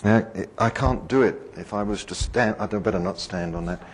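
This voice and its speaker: A man's voice: fairly low pitch, normal speed, slightly rough. A man preaching a sermon in a conversational, digressive way, often putting questions to the congregation.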